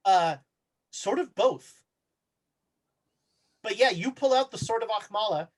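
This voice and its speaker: Halting tabletop game master. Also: male voice, high voice, expressive. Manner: halting narration with many fillers. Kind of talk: narrating a tabletop horror game.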